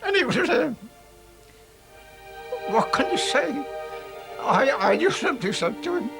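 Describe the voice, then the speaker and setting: High, lively old Midlands man. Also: takes it slowly, creaky, long pauses, over music. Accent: English Midlands. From England. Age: 80s. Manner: blunt and plain-spoken, swears freely. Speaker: interviewee. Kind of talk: emotional interview recollection.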